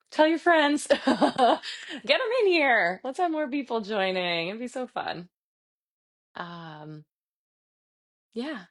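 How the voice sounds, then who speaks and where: A lower-pitched woman speaking into a computer on a video call as she closes a virtual class. She is effusive and a little teary, thanking attendees warmly. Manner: warm, effusive and gushing, reads chat comments aloud. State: emotional, tearing up. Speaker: fitness instructor. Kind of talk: live virtual class wrap-up.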